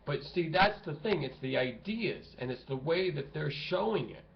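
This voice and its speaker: A man's voice: animated, normal speed, creaky. A man rambling and ranting to camera in a vlog, cursing often and restarting his sentences. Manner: profane, agitated, rambling with many restarts. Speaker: vlogger. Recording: muffled low-fi home recording with faint hiss.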